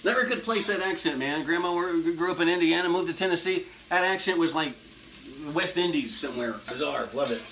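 A man's voice: fairly high pitch, a little fast, background noise. A man hosting a casual cooking demonstration in a kitchen, talking in a folksy, jokey way with hip slang. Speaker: horror movie host doing a cooking segment. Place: home kitchen at the stove. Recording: loud sizzling and frying in the background.

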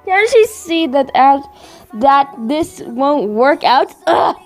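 High, lively woman reading fan fiction. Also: takes it slowly, soft background music. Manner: giggly, stumbles over words, chatty asides. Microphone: desk microphone.

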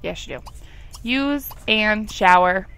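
Young woman, gravelly tone, chatty let's play commentator who talks to her characters and giggles a lot. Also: mid-range voice, takes it slowly, fairly bright tone. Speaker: gameplay commentator.

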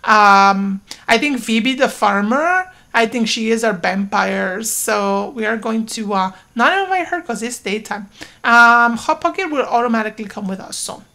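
A woman giving casual let's-play commentary, excitable and talking to her game characters, with sudden loud outbursts. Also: a little high, a little slow. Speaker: gaming YouTuber.

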